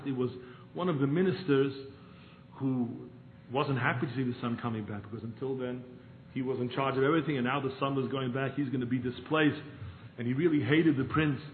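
A man's voice: mid-range voice, a little hiss or hum. Man preaching a parable on a tinny line. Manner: storytelling, swings from hushed to pleading. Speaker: rabbi. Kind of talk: Jewish sermon with parables. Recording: echoey room over a tinny phone-like line.

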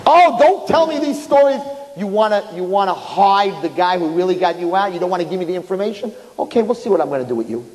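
A man's voice: high-pitched, lively intonation, fast talker, few pauses, a little mellow, pitched above the performer's own voice. A man doing a bragging pompous minister. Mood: boastful. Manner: bragging, pushy. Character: boastful male interior minister, self-important. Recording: echoey hall.

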